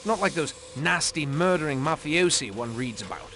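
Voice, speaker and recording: A man's voice: fairly high pitch, animated, moderate pace, bright, forceful tone, a little hiss or hum. A man voicing a nervous, flustered passenger who stumbles and trails off in a mystery game. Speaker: passenger under questioning. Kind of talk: video game voice acting.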